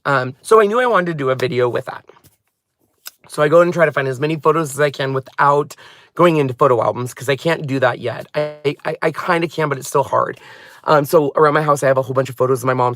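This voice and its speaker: A man hosting a crafting channel, telling a personal story in a halting, heartfelt way. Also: mid-range voice, a bit bright, no room sound.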